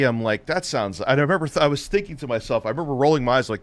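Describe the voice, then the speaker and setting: A man's voice: on the high side, animated, fast talker, hardly any pauses, no room sound. A man hosting a live stream, ranting with heavy profanity and biting sarcasm. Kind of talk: heated live-stream rant.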